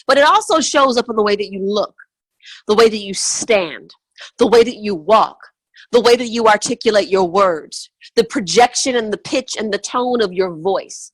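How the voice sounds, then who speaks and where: A money mindset coach teaches on a call in a medium-pitched, animated voice at normal speed, with no room sound in the recording. Her style is emphatic and repetitive, hammering words again and again like a chant.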